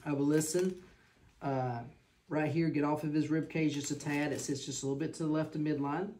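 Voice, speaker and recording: A woman's voice: sits low, steady tone, fairly quick, mellow. A woman, teaching a physical exam to a class and checking in with her students as she demonstrates. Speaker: clinical instructor.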